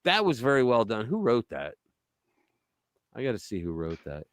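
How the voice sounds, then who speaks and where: A man hosting a live stream, reading an opinion piece aloud in an animated, mock-dramatic way, then chatting casually. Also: medium pitch, normal speed, no echo. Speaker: host of a political live stream.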